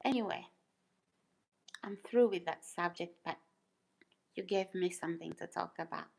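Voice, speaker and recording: A woman's voice: lowish voice, normal speed, creaky, a little mellow, rough recording. A woman hosting her own livestream, speaking casually and emphatically to her chat, repeating phrases and asking rhetorical questions. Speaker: YouTuber livestream host.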